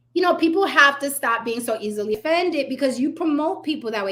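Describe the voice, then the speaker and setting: A woman's voice: high-pitched, lively intonation, brisk, few pauses, fairly bright tone. A woman hosting her own commentary channel, ranting bluntly and sarcastically, swearing freely and talking straight to her viewers.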